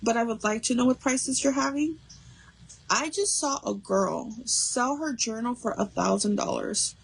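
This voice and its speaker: A woman's voice: on the high side, a little slow, creaky, husky, rough recording. A young adult woman hosting a craft livestream, chatting casually and rambling with lots of fillers while she works.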